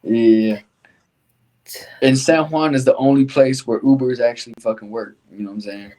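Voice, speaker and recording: A man hosts a loose podcast chat in a relaxed, slangy way. He swears freely and keeps his talk easygoing in an average-pitched voice. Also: moderate pace. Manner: laid-back, heavy swearing, slangy. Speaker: podcast host. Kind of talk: casual chat.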